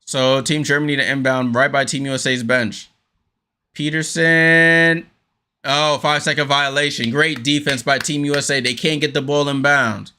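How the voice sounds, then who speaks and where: A man with a medium-pitched, clean voice runs a casual fan watchalong, speaking at an ordinary pace. He narrates each play, sprinkles in plenty of fillers, and bursts into excitement whenever something big happens.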